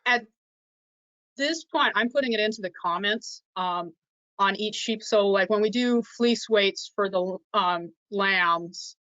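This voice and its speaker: A woman on a sheep producers' panel speaking haltingly with frequent ums over a video call. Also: medium pitch, a bit bright, no echo. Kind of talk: casual panel talk. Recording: dull, dry video call audio.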